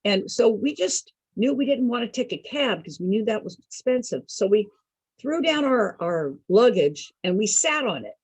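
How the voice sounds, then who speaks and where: A woman entertaining program participants with an animated personal story, laughing often and asking her listeners questions. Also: on the high side, moderate pace, slightly rough, no echo, low-quality recording.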